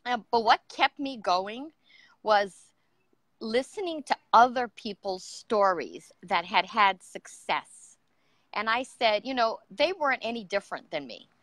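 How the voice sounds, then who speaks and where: A woman's voice: a little high, expressive, measured pace, fairly bright tone, no echo. A middle-aged woman, a guest entrepreneur, telling her personal story in an earnest, emotional way with many fillers.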